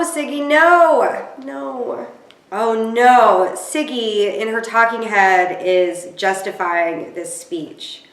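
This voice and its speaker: Female vlogger recapping reality TV; casual and exclamatory, with wry asides; mid-range voice with a roomy echo. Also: medium pitch. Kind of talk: casual commentary to camera.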